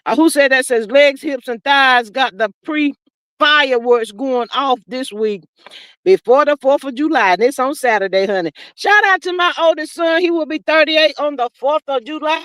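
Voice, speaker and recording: A woman's voice: high-pitched, normal speed, fairly bright tone, no echo. A woman in her fifties hosting a casual live-stream talk show, chatting and reading viewer comments aloud.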